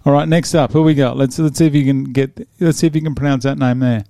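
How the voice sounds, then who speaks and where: Man, 40s, relaxed chatty host, gravelly low-toned voice, dry close sound. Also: fast, dry recording. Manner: chatty, laid-back, laughs often. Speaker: podcast host previewing fights. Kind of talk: casual chat.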